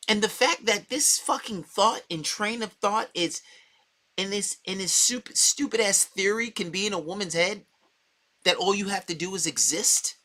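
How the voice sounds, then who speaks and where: A man's voice: high voice, moderate pace, pushed and bright. A man talking as a dating coach, giving a blunt, profane, heated opinion monologue.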